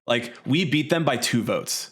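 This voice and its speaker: Man in his thirties, podcast guest, lively and profane storyteller, mid-pitched voice. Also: measured pace. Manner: animated, profane, laughs while telling the story. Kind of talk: casual storytelling.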